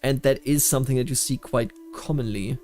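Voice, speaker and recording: A man's voice: medium pitch, fairly quick, darkish tone, faint music behind. A man from Bavaria giving casual commentary while playing a strategy game, rambling with many fillers and restarts. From Bavaria, Germany.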